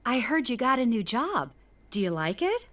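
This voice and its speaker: A woman's voice: fairly high pitch, big pitch swings, normal speed, fairly bright tone, no room sound. A woman reading a cheerful friend asking questions in a scripted textbook listening dialogue.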